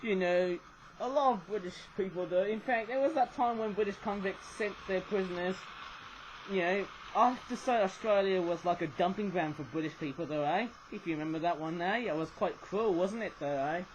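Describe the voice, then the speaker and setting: Talking a little fast in a high voice, this toy reviewer rambles through a casual vlog on his channel, constantly adding "though, eh?" at the ends of sentences. His webcam audio has cut-off highs and some slight background noise.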